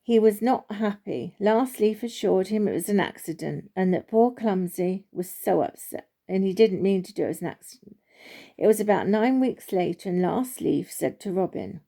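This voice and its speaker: Woman reading a kids story, gentle and unhurried, mellow warm voice, little slips here and there. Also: mid-range voice, lively intonation, vocal fry.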